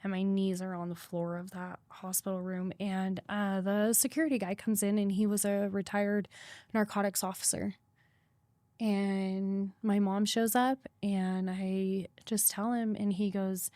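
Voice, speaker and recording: A woman's voice: medium pitch, level tone, measured pace, warm tone, no echo. Young woman, podcast guest, blunt, swears a lot, repeats for emphasis, dry sound. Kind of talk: candid personal storytelling.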